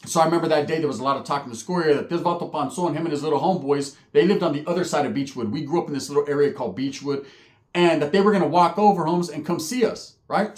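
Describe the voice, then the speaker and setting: A middle-aged man tells a story in casual street slang with lots of cursing, acting out quotes and often asking "right?". His voice is fairly high and fast, with reverb.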